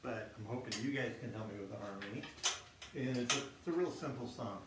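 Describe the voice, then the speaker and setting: A man gives a relaxed music lesson for children, speaking plainly and breaking into simple explanations with small fillers. His voice sits at a middle pitch and rings through a roomy space, set a bit back from the microphone. Loud instrument music plays behind him. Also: a little fast, far from the mic, heavy background noise. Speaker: music teacher. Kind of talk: teaching a kids' music class on video. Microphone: single microphone near his instrument.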